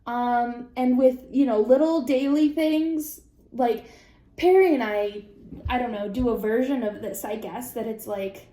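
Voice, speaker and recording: A young woman vlogger chatting casually, reacting to online posts in an animated, profane way with sudden high-pitched outbursts. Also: unhurried, echoey room. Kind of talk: casual chat.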